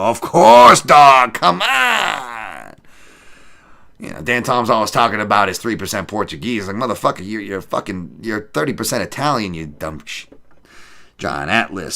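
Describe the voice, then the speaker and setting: Gravelly, profane man hosting a podcast. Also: deep voice, bright, forceful tone. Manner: profane, joking, rambling banter; reads odds and chat comments aloud. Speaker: podcast host. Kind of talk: casual betting picks and chat reading.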